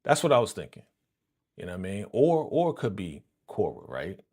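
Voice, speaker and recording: Very animated and brisk, this reaction channel host has a low, husky voice with a darkish tone. He talks to viewers in loose slang as he picks apart an episode, with lots of chuckles and repeated phrases.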